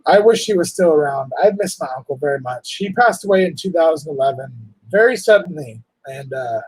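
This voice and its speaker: A man hosting a casual livestream, talking in an emotional, halting, apologetic way. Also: a little high, lively intonation, darkish tone, breathy edge, no echo, poor audio. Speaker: livestream host.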